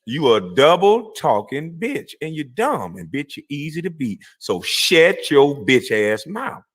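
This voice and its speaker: A man's voice: fairly high pitch, very animated, measured pace. A man ranting on a livestream, profane, mocking and confrontational, laughing scornfully between lines. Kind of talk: heated livestream rant.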